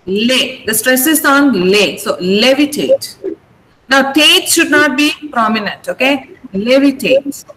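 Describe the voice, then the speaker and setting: Firm online English teacher, a woman, over a call with light hiss; drills stress slowly and clearly. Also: sits high, lively intonation, sharp tone, rough recording. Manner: slow deliberate syllable-by-syllable pronunciation; firm, instructive. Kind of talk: online class lesson. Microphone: video call.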